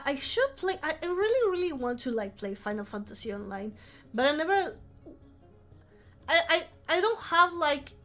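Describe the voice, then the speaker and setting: A woman streamer chatting casually with her viewers in a soft, playful voice while recovering from the flu. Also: high voice. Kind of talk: casual live-stream chat.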